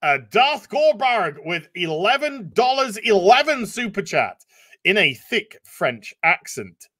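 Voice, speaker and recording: A man's voice: high voice, very animated, slow pace, sharp tone. A man co-hosting a live stream, reading super chats aloud in a casual, profane, laughing way.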